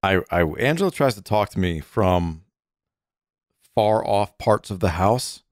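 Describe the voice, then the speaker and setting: A man's voice: on the low side, lively intonation, a little slow, dry recording, clean studio sound. A man in his thirties co-hosting a podcast in casual chat with his wife, teasing and playful. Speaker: podcast co-host. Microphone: studio mic with headphones.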